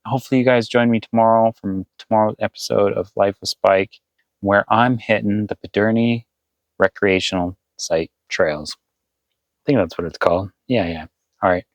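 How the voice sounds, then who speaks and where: This vanlife vlogger, an adult man, rambles casually to viewers from his camper van as he works out his route aloud. His voice runs on the low side at a moderate pace, with no echo and poor audio quality.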